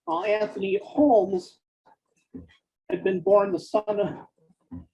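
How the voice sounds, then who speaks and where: Guy dictating his story out loud, says comma and period, gravelly voice, pitch jumps around a lot, dull lo-fi sound. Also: animated. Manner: speaks punctuation marks aloud, slow and deliberate. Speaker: author dictating a novel. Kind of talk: dictating fiction aloud.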